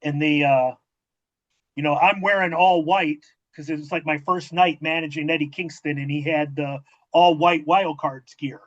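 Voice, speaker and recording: A man's voice: on the high side, moderate pace. A man hosting a wrestling interview, telling backstage stories casually, with profanity and acted-out dialogue. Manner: profane, animated storytelling with quoted dialogue. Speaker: podcast host and former wrestling manager. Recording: dull lo-fi audio.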